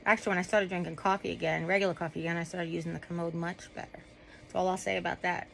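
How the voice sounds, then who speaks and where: A woman's voice: on the low side, level tone, fast, creaky, fairly bright tone, a little hiss or hum, rough recording. A woman vlogging casually from home while lying down, rambling with many ums and asides. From United States. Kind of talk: casual chat to camera.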